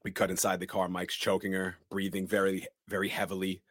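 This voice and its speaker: Podcast guy walking thru a movie scene by scene, lowish voice, dry mic, does little character voices. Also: completely flat delivery, brisk, a bit bright, dry recording. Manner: narrates scenes dramatically, quoting characters in shifted voices. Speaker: podcast co-host. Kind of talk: movie recap podcast chat.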